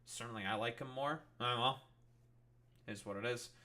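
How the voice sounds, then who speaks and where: A man's voice: medium pitch, normal speed, bright, forceful tone. A young man doing live-stream commentary, ranting in an exasperated, profane way with mocking, sarcastic asides.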